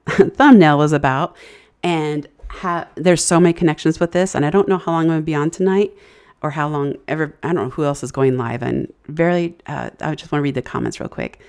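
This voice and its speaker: Middle-aged woman, low-pitched, rambling and emotional live-stream host. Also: fairly quick. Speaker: livestream host. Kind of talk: casual live chat storytelling.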